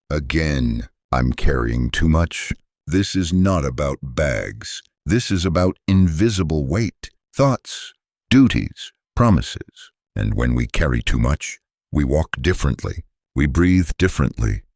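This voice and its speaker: A man gently narrating a slow graded-reader English lesson, calm and deliberate, pausing for repeat-after-me drills. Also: rumbling low, no echo, clean studio sound. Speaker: English teacher.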